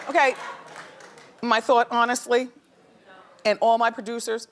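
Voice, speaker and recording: A woman talk show host giving an animated, opinionated gossip monologue to a studio audience. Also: a little high, measured pace, long pauses, noisy background.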